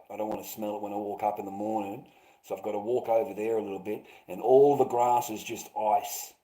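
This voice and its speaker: A man's voice: lowish voice, mellow, low-quality recording. A middle-aged Australian man rambling bitterly to viewers, swearing constantly and calling them mate. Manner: profane, bitter, repetitive, calls listeners mate. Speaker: vlogger.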